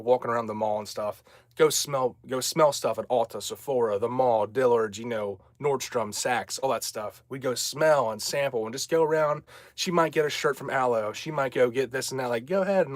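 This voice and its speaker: A man's voice: medium pitch, no room sound, clean studio sound. A young man hosting a casual livestream, rambling and chatting as he answers viewer comments. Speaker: livestream host.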